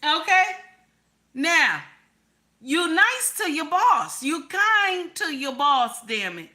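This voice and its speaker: A woman's voice: high-pitched, big pitch swings, slow, sharp tone. A woman giving relationship advice in a profane, emphatic monologue, repeating her points over and over. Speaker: relationship commentator.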